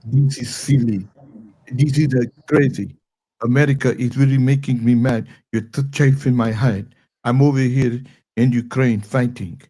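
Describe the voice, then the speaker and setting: A man's voice: medium pitch, fairly even intonation, moderate pace, mellow, close to an everyday voice. A man voicing a blustering foreign strongman in a mock Russian accent, making comic threats in broken English during an impression skit. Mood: menacing.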